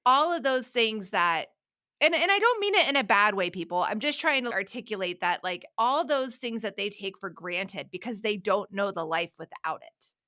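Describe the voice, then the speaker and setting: Bright, lively mom podcast host. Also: female voice, mid-range voice. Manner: loud, impassioned, quick tangents. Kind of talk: casual chat.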